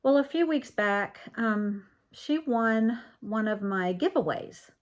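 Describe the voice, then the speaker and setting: A woman's voice: fairly high pitch, lively intonation, slow. A middle-aged woman from Virginia chatting casually as she shows crafts on her vlog, gushing, with frequent ums. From Virginia, USA. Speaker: craft vlogger. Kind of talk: casual show-and-tell vlog.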